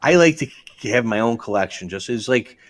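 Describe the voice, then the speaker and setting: A man's voice: mid-range voice, expressive, a little fast. A man hosting a casual comedy podcast, dry and joking in a laid-back way. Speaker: podcast host.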